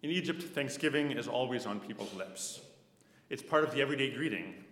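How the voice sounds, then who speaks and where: A man from Canada preaching a sermon, slow and measured, repeating key phrases and dropping to soft asides. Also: medium pitch, lively intonation, slight background noise. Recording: echoey hall with long reverb.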